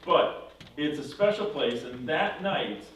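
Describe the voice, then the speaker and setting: A man teaching a confirmation class, retelling a story in a lively way, acting out the characters and correcting himself as he goes. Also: fairly high pitch, takes it slowly. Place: church classroom. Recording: echoey room from far off with faint noise.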